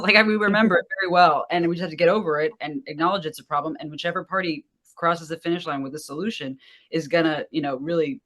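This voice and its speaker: A woman's voice: sits low, steady tone, fast, a bit bright. A woman political strategist giving an earnest opinion as a panel guest. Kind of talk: panel discussion.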